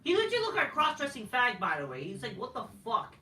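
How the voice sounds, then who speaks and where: Man, heated swearing rant, bright edgy voice, echoey room, set back from the mic. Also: very high voice, huge pitch swings, fast talker, slight background noise. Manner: heated, swears constantly, mocking. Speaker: wrestling show reviewer. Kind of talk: casual profane rant. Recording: roomy and distant from the mic.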